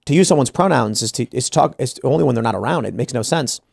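A man hosting an opinionated podcast discussion in a studio. His mid-pitched voice is gravelly, with frequent vocal fry. He argues his point with many restarts and breaks into voicing other people. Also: lively intonation, quick pace, darkish tone. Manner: argumentative, many restarts, acts out quoted people. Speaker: podcast host. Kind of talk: opinionated panel talk.

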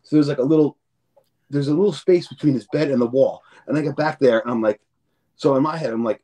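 Fast and dark-toned at medium pitch, a male podcast guest chats casually through his stories. He rambles and curses, acting out each moment and repeating words as he goes.

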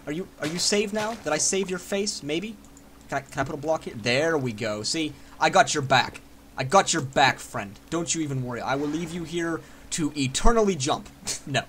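A young man giving casual, excitable commentary while playing a building game, chatting to himself and swearing freely. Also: on the high side, normal speed, slight background noise. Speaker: Minecraft let's player.

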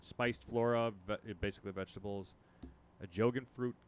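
A man's voice: on the low side, fairly even intonation, normal speed, a little hiss or hum. A man co-hosting a podcast, casually reading a menu aloud with joking, profane asides. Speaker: podcast co-host.

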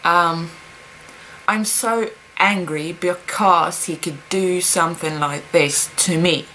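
Slow, halting woman talking to camera. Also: on the low side, fairly even intonation, sharp tone, slight background noise, low-quality recording. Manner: halting, hesitant, full of pauses and fillers. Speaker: vlogger. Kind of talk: personal confessional vlog.

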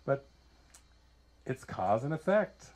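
A man, a spiritual teacher, giving a casual talk full of animated stories and frequent laughter. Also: mid-range voice, slow. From United States. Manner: animated storyteller who laughs often.

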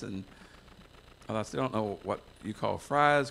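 A man's voice: mid-range voice, animated, normal speed, gravelly, fairly bright tone, slight background noise. A man from the United States preaching a folksy, self-mocking sermon to a church congregation, wandering into asides. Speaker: pastor.

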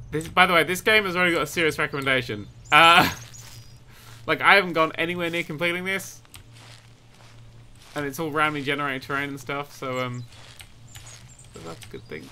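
A young man commentating his own game, jumpy and quick to yelp and swear when startled. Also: on the high side, bright, forceful tone, slight background noise. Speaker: gaming YouTuber. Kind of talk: let's play commentary.

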